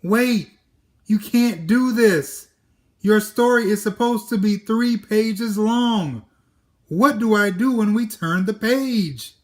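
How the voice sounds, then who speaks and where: A man voicing cocky Jack in a children's storybook reading, talking fast and brashly. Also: a little high, very animated. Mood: protesting. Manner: brash, quick and fussy. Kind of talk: children's storybook read-aloud.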